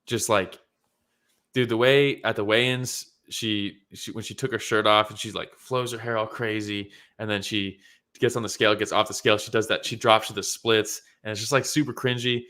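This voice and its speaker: A man with a lowish voice and a bright, forceful edge, talking in a loose, casual chat. He is blunt and opinionated and swears freely, like a co-host letting off steam. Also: fairly even intonation, normal speed. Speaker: podcast co-host.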